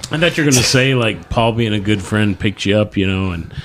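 A man's voice: on the low side, animated, a little fast, a little hiss or hum. A man co-hosting a podcast, telling stories in casual profane chat, laughing and acting out the people in them. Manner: laughing storyteller, acts out voices. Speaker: podcast co-host.

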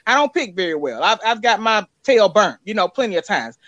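A woman's voice: medium pitch, big pitch swings, fairly quick, fairly bright tone, no echo. A woman on a video call giving a rambling, heartfelt tribute as a sponsor, with repeated words and many fillers. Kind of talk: casual heartfelt speech.

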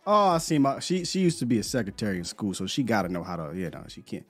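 A man's voice: fairly low pitch, very animated, quick pace, soft background music. A man hosting a live podcast in casual chat, laid-back and slangy, often repeating words as he talks. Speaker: podcast host.

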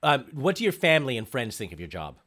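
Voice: medium pitch, big pitch swings, fast talker, a bit bright. An interviewer asking short, friendly questions in a conversational interview.

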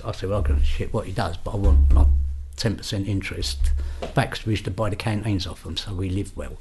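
A man's voice: on the low side, fast, few pauses, soft background music. Older London man telling stories. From England. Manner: animated, acts out quoted voices. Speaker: podcast guest. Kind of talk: storytelling in casual chat.

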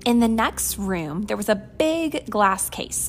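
A woman reading a picture book aloud, slow and expressive, voicing each character. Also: mid-range voice, a little hiss or hum. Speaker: storyteller.

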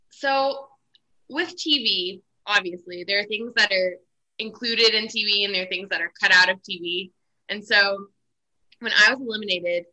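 A young woman being interviewed about her time as a contestant, speaking in a very bright, forceful voice. She tells her story in a chatty, animated way with many fillers and asides. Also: medium pitch, low-quality recording. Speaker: guest, former reality cooking contestant. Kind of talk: casual interview chat.

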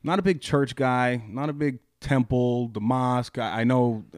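A young man co-hosting a podcast, talking earnestly in a halting way with many restarts. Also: medium pitch, steady tone, a little mellow, clear, resonant tone, no echo, studio quality. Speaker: podcast co-host. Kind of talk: casual chat.

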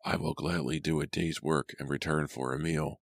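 A man voicing a starving ragged male drifter, speaking slowly and weakly. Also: very deep voice, steady tone, vocal fry, no room sound. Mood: pleading. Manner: slow, weak, pleading.

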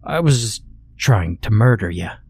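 A man's voice: lowish voice, lively intonation, a little slow, vocal fry, a little mellow, breathy edge, heavily acted. Man doing a polite killer with a Canadian accent. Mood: sheepishly polite.

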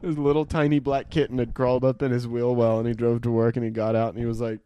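A man's voice: medium pitch, little pitch movement, fast, dark tone, clean tone, dry recording. A young man co-hosting a podcast, swearing and laughing often as he tells crude stories in casual chat. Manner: laughs often, profane storytelling. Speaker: podcast co-host.

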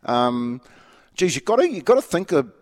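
A man's voice: a little high, sing-song, moderate pace, a little mellow, long reverb tail. A man with a New Zealand accent co-hosting a radio show, chatting casually and rambling about sport with lots of restarts. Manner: laid-back, matey, rambling with many restarts. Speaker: radio co-host.

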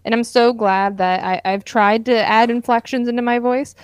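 Woman, co-host, tired, hesitant, smooth voice, dry close sound. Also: on the high side, steady tone, normal speed, dry recording. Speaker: podcast co-host. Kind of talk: casual podcast chat.

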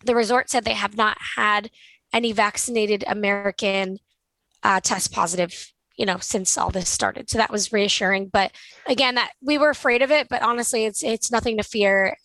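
A woman's voice: medium pitch, fairly even intonation, moderate pace, fairly bright tone, no echo, low-quality recording. A young woman co-hosting a podcast, upbeat and conversational as she leads into segments. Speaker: podcast co-host. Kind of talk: casual podcast chat.

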